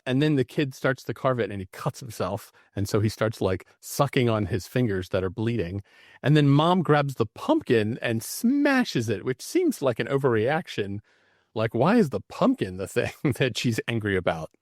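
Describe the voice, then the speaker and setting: Animated, laughing male podcast co-host. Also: mid-range voice, moderate pace, no room sound, clean studio sound. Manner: lively, laughing, animated storytelling. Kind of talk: casual movie review chat.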